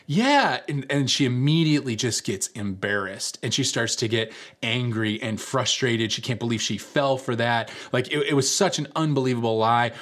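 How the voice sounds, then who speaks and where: A male pastor giving a sermon in a relaxed, conversational storytelling manner. He leans on fillers and repeats his key lines for emphasis, in a mid-range voice. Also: medium pitch, normal speed, hardly any pauses.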